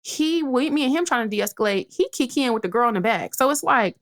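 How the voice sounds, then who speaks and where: A woman's voice: fairly high pitch, animated, fairly quick. A young woman co-hosting a podcast, telling a brash story in casual chat and acting out what people said. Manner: brash, storytelling, acts out quotes. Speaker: podcast co-host.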